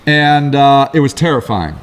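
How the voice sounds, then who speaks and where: A middle-aged man co-hosting a casual talk show, telling rambling stories in quick, lively bursts. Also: mid-range voice, clear, resonant tone. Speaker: co-host. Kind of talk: casual chat.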